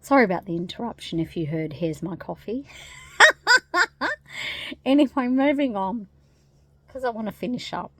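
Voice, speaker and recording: A woman talking casually to camera in a spiritual vlog, rambling softly with many fillers. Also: fairly high pitch, big pitch swings, unhurried, long pauses, no echo. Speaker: spiritual vlogger.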